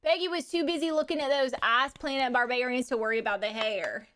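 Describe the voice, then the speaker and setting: A woman's voice: high-pitched, steady tone, brisk, a bit bright. A woman streamer reading chat questions aloud during a live stream.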